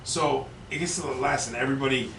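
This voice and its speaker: A man's voice: mid-range voice, fast talker, creaky. A man, a podcast co-host, telling a long rambling story in casual, profane talk full of restarts. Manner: rambling, profane, self-interrupting. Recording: echoey, distant, noisy room mic.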